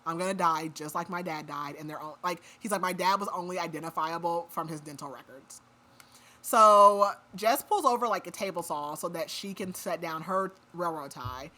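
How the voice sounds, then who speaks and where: Pushed and bright, a woman's fairly low-pitched voice moves at a moderate pace while she retells a book plot on a podcast. It's casual chat, thick with "like" fillers.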